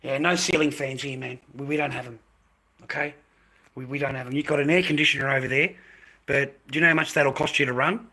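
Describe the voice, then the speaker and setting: Australian man, forceful bright tone, blunt streamer rant, swears freely, repeats points. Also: mid-range voice, fairly even intonation, fast. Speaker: livestream host. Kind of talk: casual ranting to viewers.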